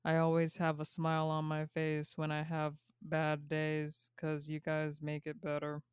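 A woman's voice: deep voice, completely flat delivery, unhurried, smooth, dry recording. A woman co-hosting a casual podcast with her sisters, dry and unbothered as she reads listener mail.

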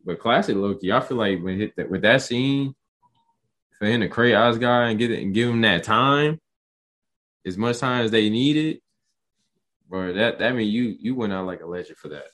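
A young man co-hosting a casual podcast, excitable and slangy as he reacts to a show. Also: fairly low pitch, moderate pace. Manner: excitable, slangy, rises sharply when enthused. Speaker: podcast co-host. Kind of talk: casual podcast recap chat.

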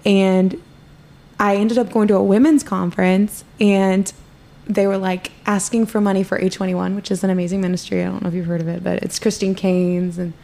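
Woman podcast guest with some vocal fry, heartfelt and chatty, casual faith story. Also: mid-range voice, little pitch movement, fairly quick, warm tone. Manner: heartfelt, gushing, lots of "like".

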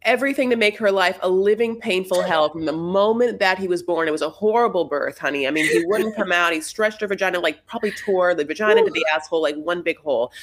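A woman podcast co-host in a casual recap chat, sassy and profane, full of "like" and "honey.". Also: medium pitch.

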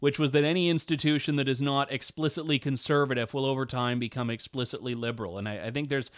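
Male host, smooth clear voice, dry close mic, earnest sign-off. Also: mid-range voice, fairly even intonation, quick pace, dry recording. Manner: earnest, with frequent small restarts. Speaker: show host. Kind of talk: interview and show sign-off.

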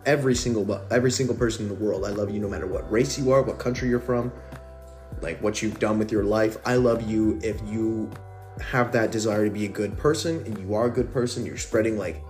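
A man's voice: on the low side, brisk, darkish tone, soft background music. A man telling a personal story in a casual, rambling, profane way, as podcast host.

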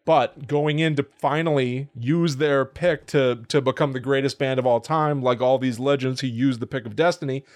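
A man's voice: mid-range voice, fairly even intonation, normal speed, hardly any pauses. Man casually retelling a film plot. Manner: amused storytelling with frequent laughs. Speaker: podcast host.

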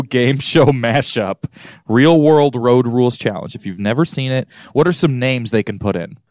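A man's voice: mid-range voice, a little mellow, clean tone, dry recording, studio quality. A man hosting a podcast in casual chat, joking and laughing often. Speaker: podcast host.

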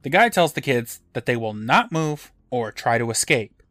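A man's voice: medium pitch, very animated, normal speed, fairly bright tone, dry recording. A man co-hosting a podcast, recapping an episode in a dry, matter-of-fact storytelling manner. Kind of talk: casual recap narration.

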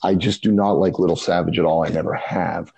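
A man's voice: low-pitched, steady tone, vocal fry, dark tone, muffled recording, slight background noise. A man co-hosting a casual music podcast, talking thoughtfully with many restarts. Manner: thoughtful, halting, with frequent restarts. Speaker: podcast co-host.

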